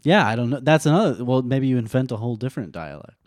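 A man's voice: mid-range voice, big pitch swings, quick pace, a little mellow, dry recording. Man, casual co-host, giggly and inquisitive, dry close sound. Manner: laughs often, asks playful questions. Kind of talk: casual chat.

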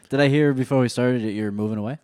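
A man's voice: medium pitch, a little fast, darkish tone, smooth. A man from Connecticut hosting a casual podcast, asking his guest dry, teasing questions. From Canton, Connecticut. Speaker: podcast host.

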